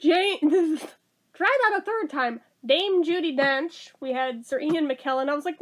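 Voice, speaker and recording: Woman, high voice, unhurried delivery, sarcastic movie review rant, profane. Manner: sarcastic, blunt, swears freely. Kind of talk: casual ranting review.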